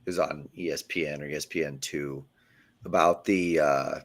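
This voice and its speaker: A man's voice: rumbling low, fairly even intonation, normal speed. A man co-hosting a casual sports podcast, laid-back and recounting things with plenty of fillers. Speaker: podcast co-host.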